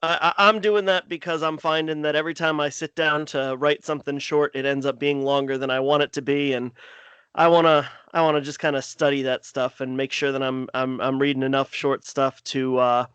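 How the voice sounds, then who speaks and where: A man's voice: medium pitch, level tone, a little fast, a bit bright, clean tone, no room sound. A man co-hosting a podcast in casual chat, talking thoughtfully with stammering restarts. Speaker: podcast co-host.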